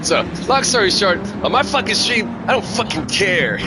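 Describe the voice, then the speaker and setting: A man's voice: high-pitched, big pitch swings, normal speed, very noisy. Chatty, foul-mouthed young-sounding man streaming. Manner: rambling, profane, slangy. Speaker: sim racing streamer. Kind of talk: casual commentary while racing.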